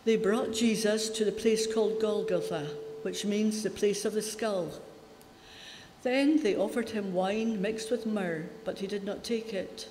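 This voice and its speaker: A woman's voice: medium pitch, a little hiss or hum. Woman reading scripture in an echoey church. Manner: steady, measured reading aloud. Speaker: scripture reader. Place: church hall.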